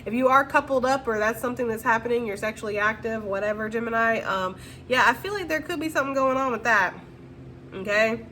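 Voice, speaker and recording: Chatting casually with her viewers, a woman gives a slangy tarot reading, reassuring them often and checking in with "okay?" Her voice is a little high, brisk, bright, and forceful, with a touch of background noise.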